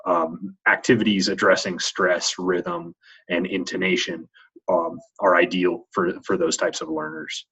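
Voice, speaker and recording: A man's voice: low-pitched, flat delivery, measured pace, bright, forceful tone, breathy edge. A man teaching a course, introducing the week's reading in a hesitant way with many fillers. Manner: hesitant, many ums and restarts. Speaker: course instructor. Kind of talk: recorded weekly lecture intro. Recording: dull lo-fi recording.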